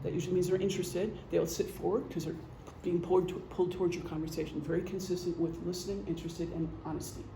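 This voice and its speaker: A woman's voice: fairly low pitch, steady tone, fast, creaky, few pauses, background noise. A middle-aged woman, a retired police officer, giving a casual, joking talk to a meeting and acting out gestures as she goes. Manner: chatty, joking, acts out gestures. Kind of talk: casual lecture. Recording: echoey meeting room.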